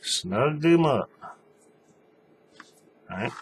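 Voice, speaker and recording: A man's voice: mid-range voice, animated, very slow, a little hiss or hum. A man giving a casual, folksy hands-on craft tutorial, talking while he works. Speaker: paracord tutorial maker.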